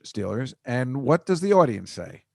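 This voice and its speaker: A middle-aged man hosts a casual comedic sports chat, needling his guests with dry, teasing remarks. His voice sits at an ordinary middle pitch and is recorded close and completely dry, with no room sound. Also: sing-song, normal speed, creaky, a little mellow, no room sound. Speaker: host.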